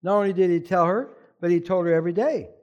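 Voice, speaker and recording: A man preaching a sermon as pastor, animated, often asking the congregation questions. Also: high voice, quick pace, muffled recording.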